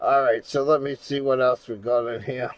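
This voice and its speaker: A man live streaming in casual chat, rambling and swearing, going from mumbles to loud rants. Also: mid-range voice, steady tone, normal speed, dry recording, dull audio. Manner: rambling, profane, shifts from mumbling to loud ranting.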